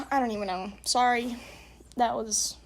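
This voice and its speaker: A woman's voice: fairly high pitch, steady tone, a little slow, slight background noise. A woman hosting a podcast, reading online horror stories aloud with blunt, sarcastic commentary and apologetic asides. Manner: blunt, sarcastic, nitpicks grammar.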